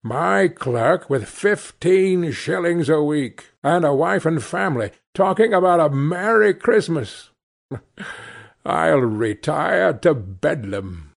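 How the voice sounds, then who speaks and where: A man's voice: on the high side, lively intonation, slow pace, gravelly, full character voice. A man voicing Scrooge, a miserly, bitter old man who speaks in a curt, growling way.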